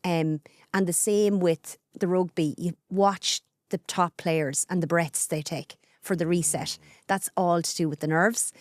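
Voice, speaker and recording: A woman's voice: on the low side, steady tone, no room sound, clean studio sound. A woman in her forties with a Carlow Irish accent, chatting as a guest on a podcast. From Ireland. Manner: chatty, talks fast with her hands. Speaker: guest, journalist and radio presenter. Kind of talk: casual podcast interview.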